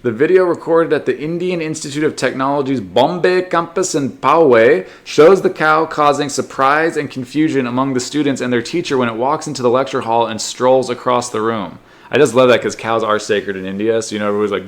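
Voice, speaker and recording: A man hosting a comedy podcast, reading odd news stories aloud and riffing on them with sarcastic jokes and quick silly voices. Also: medium pitch. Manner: sarcastic, reads headlines then riffs with silly put-on voices. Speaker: podcast host.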